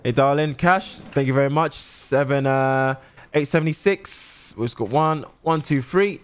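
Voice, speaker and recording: A young man speaks at medium pitch in a smooth, natural voice, cast as a cheery shopkeeper. Serving at the till, he calls out prices in brisk, friendly sales talk.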